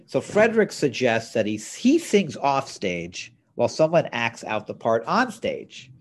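A man's voice: medium pitch, sing-song, a little slow. A man co-hosting a podcast, recapping a TV episode in casual chat with blunt opinions. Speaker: podcast co-host.

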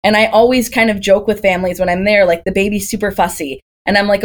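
Woman in her 30s from wisconsin chatting on a podcast, mid pitch, lots of rhetorical questions. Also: steady tone, quick pace, few pauses. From Green Bay, Wisconsin, USA. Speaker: doula, podcast guest. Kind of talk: casual podcast conversation.

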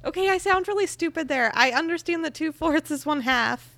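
A young woman co-hosting a podcast who chats in a playful, jokey way. Her voice is high, and the sound is dry and close. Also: animated, a little fast, fairly bright tone, dry recording. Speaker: podcast co-host. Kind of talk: casual chat.

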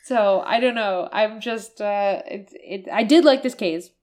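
A woman co-hosting a casual podcast chat, energetic and emphatic, laughing between remarks. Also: medium pitch, measured pace. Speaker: podcast co-host.

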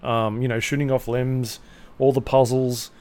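A man co-hosting a podcast in casual chat, talking in a relaxed, hesitant way with many fillers. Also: mid-range voice, moderate pace. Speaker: podcast co-host.

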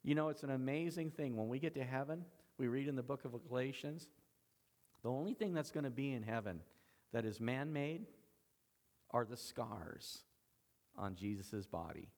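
A man's voice: medium pitch, moderate pace, a little mellow. Earnest man preaching in a hall. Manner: earnest, emphatic preaching with repeated phrases. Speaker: pastor. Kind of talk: sermon.

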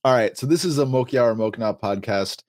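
A man hosts a podcast, chatting casually and explaining things at length with small laughs along the way. His voice is medium-pitched, a little fast and darkish, recorded cleanly in a studio with no echo.

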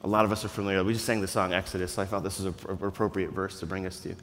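A man preaching a conversational, earnest sermon that swings between hushed, quiet passages and loud, raised ones. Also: sits low, level tone, very fast, faint music behind. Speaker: pastor. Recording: long reverb of a large hall.

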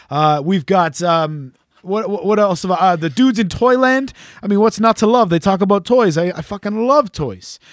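A man's voice: high-pitched, dry recording, studio quality. A man hosting a podcast in casual chat, rambling, joking and swearing freely. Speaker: podcast host.

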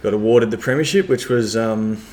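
A man, a club cricketer talking casually in an interview, relaxed and rambling with lots of fillers. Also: fairly low pitch, moderate pace.

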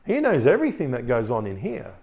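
A male pastor delivering a sermon in an animated preaching manner, reading scripture aloud. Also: medium pitch, brisk.

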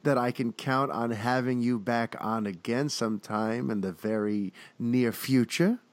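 A man hosting a podcast, talking casually and enthusiastically, with quick bursts of speech. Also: mid-range voice, no room sound. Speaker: podcast host.

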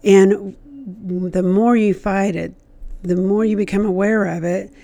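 A woman's voice: medium pitch, steady tone, measured pace, creaky, dark tone, a little hiss or hum. A woman giving a casual Christian devotional talk, speaking conversationally and often repeating herself as she acts out an inner accusing voice.

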